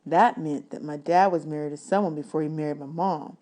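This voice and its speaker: A woman, a teacher, reading a chapter book aloud in a steady storytelling manner. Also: low-pitched, brisk. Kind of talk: audiobook read-aloud.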